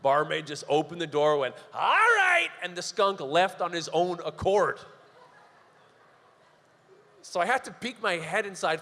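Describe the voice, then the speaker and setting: A man's voice: fairly high pitch, a bit bright. A young Canadian man doing stand-up comedy, telling sardonic, profane stories. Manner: sardonic, profane, brisk storytelling. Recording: long reverb of a live venue hall.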